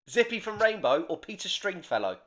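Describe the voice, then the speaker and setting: A man's voice: high voice, very animated, moderate pace, fairly bright tone. A man hosting quiz games on a casual comedy podcast, playful and laughing often. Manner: playful, laughs a lot, quiz-show announcing.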